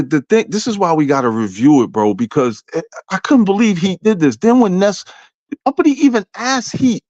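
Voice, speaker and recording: A man co-hosting a casual online talk show, excitable and repetitive as he breaks down drama. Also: sits high, no echo, lo-fi sound. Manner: excitable, repeats himself, says bro a lot. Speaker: co-host. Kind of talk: casual commentary chat.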